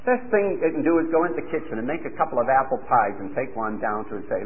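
A man preaching a sermon, telling folksy stories in an animated way. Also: mid-range voice, quick pace, hardly any pauses, a little hiss or hum. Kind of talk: sermon with anecdotes. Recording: tinny old radio broadcast.

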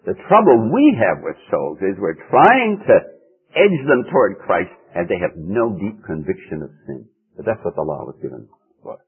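A man's voice: big pitch swings, normal speed, breathy edge. A man preaching a sermon in an earnest, emphatic way, his voice leaping up for emphasis. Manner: earnest, emphatic preaching with sudden rises in pitch. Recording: tinny narrow-band old radio recording.

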